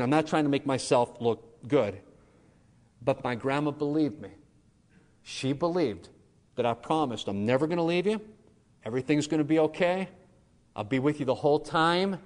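A man's voice: medium pitch, darkish tone. A man preaching a sermon, telling a personal story earnestly and acting out the voices he quotes. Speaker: pastor. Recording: long reverb of a large hall.

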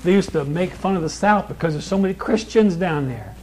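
A man preaching a sermon in a plain American voice, emphatic, building lists with rising stress and slowing down for key lines. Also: sits high, expressive, darkish tone, slight background noise, rough recording. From born in Kentucky, raised in California.

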